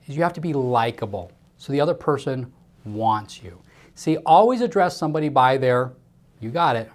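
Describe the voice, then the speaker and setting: Man, sales trainer, emphatic coaching delivery with lots of repetition. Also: medium pitch. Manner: emphatic, coaching, drives points home with repetition. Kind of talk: instructional talk to camera.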